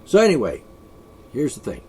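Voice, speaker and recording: A man's voice: medium pitch, wildly swooping pitch, normal speed, darkish tone, slight background noise. A man vlogging an opinionated, rambling monologue, sarcastic and sighing often. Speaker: video blogger.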